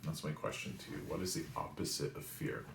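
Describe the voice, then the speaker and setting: Deep-voiced man in his forties, roomy sound. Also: a little fast, vocal fry, noisy background. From New England. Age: 40s. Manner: animated storyteller who often asks "right?". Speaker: spiritual reader and weekly message host. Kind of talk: storytelling monologue. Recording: roomy echo.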